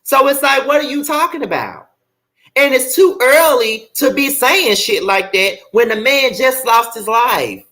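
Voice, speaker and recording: A male vlog host rants bluntly and profanely to his viewers. His pitch swings in a lively way and his tone is bright and forceful. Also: measured pace. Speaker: commentary channel host. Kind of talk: casual commentary vlog.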